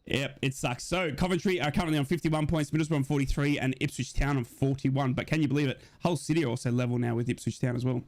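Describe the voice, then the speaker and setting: A man's voice: medium pitch, steady tone, fast talker, hardly any pauses, darkish tone. A young man with a chatty manner, hosting a live football watch-along and talking straight to viewers in chat.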